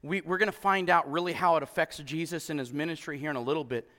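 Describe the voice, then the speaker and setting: A male pastor preaching an animated sermon, acting out voices and laughing often. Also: a little high, fast talker, big-room sound.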